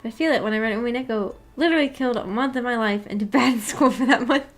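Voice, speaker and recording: A woman's voice: a little high, fast talker. A young woman hosting a casual live-stream book club, chatty and giggly, often restarting her sentences.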